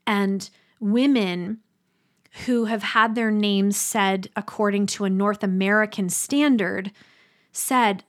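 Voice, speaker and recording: A middle-aged woman giving a motivational talk, earnest and emphatic, slowing down for dramatic pauses. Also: medium pitch, fairly even intonation. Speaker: speaker.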